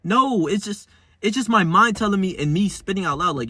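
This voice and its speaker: A young man in his twenties rambles through a casual vlog in slangy, swearing talk. His voice sits a bit high, and the recording is dry and close. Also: fairly quick, pushed and bright, dry recording. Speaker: self-help vlogger.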